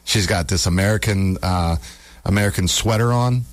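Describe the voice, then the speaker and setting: A man with a low voice speaks at a moderate pace, hosting a radio talk show. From the studio he chats casually on air and tells stories animatedly, repeating words for comic effect.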